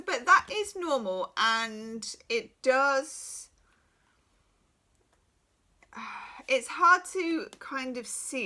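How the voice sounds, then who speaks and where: A middle-aged woman talks through a private tarot reading in a frank, chatty way, doubling back with asides. Her voice is bright and forward, and a little worn, since she is losing it. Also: medium pitch. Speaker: tarot reader.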